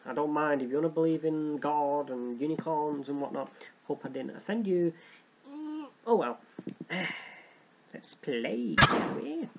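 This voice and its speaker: A man's voice: a little high, lively intonation, measured pace, highs cut off. A young man hosting a let's play, joking and rambling as he reads game text aloud. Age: young adult. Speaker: gaming channel host.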